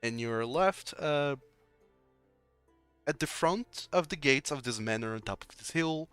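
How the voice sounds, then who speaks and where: Game master, man, bright smooth voice, casual filler-heavy narration of a tabletop session. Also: fairly high pitch, lively intonation, measured pace, no room sound, soft background music.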